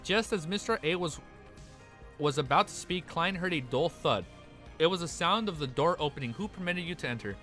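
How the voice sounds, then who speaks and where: Young man, streamer, bright forceful voice, slightly high, excitable, faint music behind. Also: normal speed. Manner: excitable, swears, stumbles over words. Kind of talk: live reading and reaction.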